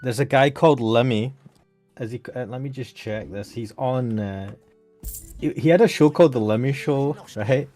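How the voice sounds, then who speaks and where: A man's voice: medium pitch, normal speed, a little mellow, soft background music. A man with a Scottish accent chatting casually on a game stream, joking around and swearing a lot. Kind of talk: casual chat.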